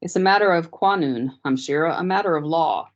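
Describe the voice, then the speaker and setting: A woman's voice: lowish voice, animated, normal speed. Woman doing a self-important police officer. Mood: grave. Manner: polite, grave, self-important. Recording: dull lo-fi online meeting audio.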